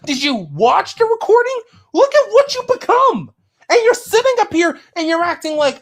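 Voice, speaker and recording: A woman with a high voice that swoops widely lectures someone in a voice chat. She is impassioned and stacks up pointed questions, one after another. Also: very animated, moderate pace. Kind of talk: heated voice chat confrontation.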